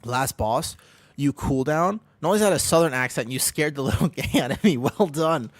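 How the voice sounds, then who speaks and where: Midwestern male streamer, mid-pitched, jokey and upbeat, dry close mic. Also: expressive, normal speed, no echo. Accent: American Midwestern. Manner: upbeat, joking, often laughing, chatting with viewers. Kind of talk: casual live-stream chat while gaming.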